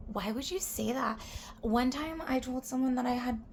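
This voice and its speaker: A woman's voice: high voice, moderate pace, creaky, slight background noise. Rambling, swearing young woman vlogger. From US-Mexico border region. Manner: rambling, profane, drops into whispered asides. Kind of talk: casual chat to camera.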